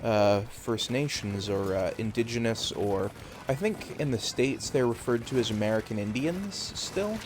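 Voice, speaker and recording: A man's voice: mid-range voice, expressive, measured pace, few pauses, noisy background. A Canadian man chatting casually on a live game stream, rambling and hesitant with many fillers.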